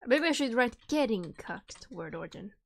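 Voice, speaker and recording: A woman's voice: fairly high pitch, animated, moderate pace. Rambling young woman streamer, chewing candy. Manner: rambling, joking, chewing candy while talking. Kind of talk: casual livestream chat.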